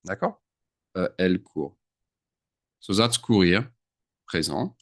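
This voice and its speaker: A man, his voice pitched very low, teaches a grammar lesson in a loose, chatty way. He thinks out loud and drops words into his English. The sound is dry and close, with no room echo. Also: animated, takes it slowly. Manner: chatty, thinks aloud, mixes French into English. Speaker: French teacher. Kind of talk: screen-share grammar lesson.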